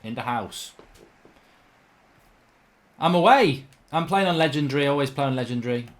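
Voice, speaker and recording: A man commentating on his own football video game in a chatty, rambling way, erupting into loud shouts when a goal goes in. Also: mid-range voice, quick pace. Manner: excitable, bursts into loud shouting over goals. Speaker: gaming commentator.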